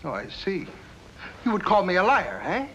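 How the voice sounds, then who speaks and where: An actor playing a scheming, sneering foreign diplomat in a 1950s TV drama, on a faintly hissy old soundtrack. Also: male voice, high voice, huge pitch swings, normal speed, a bit bright, lo-fi sound, heavily acted. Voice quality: sneering, accusatory.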